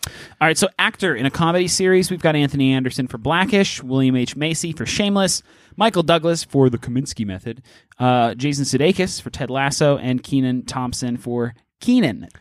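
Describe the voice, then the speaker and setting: A man with a middle-pitched voice steers a casual podcast discussion, often stopping and restarting his sentences. The recording is dry and close. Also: lively intonation, fairly quick, no echo. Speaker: podcast co-host. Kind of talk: casual chat.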